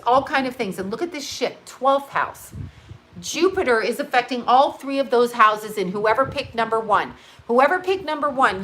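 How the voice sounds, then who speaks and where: A woman's voice: fairly high pitch, bright, forceful tone, rough recording. A middle-aged woman giving a casual astrology reading, chatty and rambling, swearing and laughing often, sounding tired. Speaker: psychic astrology reader.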